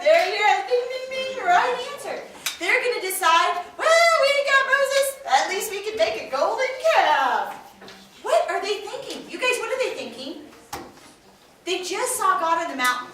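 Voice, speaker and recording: A woman telling a Bible story to children with lively expression, quizzing them as she goes. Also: extremely high pitch. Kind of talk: animated Bible lesson for kids. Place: classroom with children. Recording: echoey room, far from mic, noisy.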